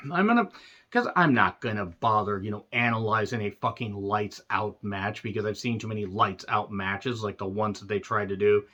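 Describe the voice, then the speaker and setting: A man's voice: lowish voice, normal speed, pushed and bright, lo-fi sound. A man reviewing a wrestling show in a sarcastic, profane, exasperated rant.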